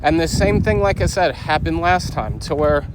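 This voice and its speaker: A man's voice: fairly high pitch, normal speed, very noisy. A man telling a story as a vlog host, agitated and venting, often quoting people in a raised voice. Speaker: podcast host. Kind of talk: casual angry storytelling vlog.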